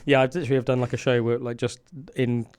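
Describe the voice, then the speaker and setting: A man's voice: mid-range voice, level tone, quick pace, a little mellow, smooth, no room sound. A man co-hosting a podcast in casual chat, rambling with many fillers and restarts. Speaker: podcast co-host.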